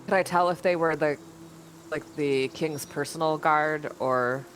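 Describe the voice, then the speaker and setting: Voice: mid-range voice, a little slow, fairly bright tone, a little hiss or hum. Laughing, playful tabletop player. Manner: laughs often, blunt and playful. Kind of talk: casual tabletop game chat.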